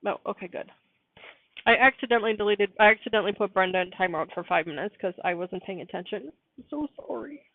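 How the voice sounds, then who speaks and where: Quick-paced and steady in tone, a woman's medium-pitched voice leads a casual live stream about quilting and sewing. She chats apologetically and laughs a lot; the audio is dry and narrow, like a phone, without echo.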